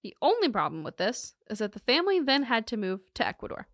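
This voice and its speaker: A woman's voice: fairly high pitch, very animated, fast, a bit bright, dry recording, clean studio sound. A woman co-hosting a podcast, telling a true crime case in a casual, joking way and laughing often.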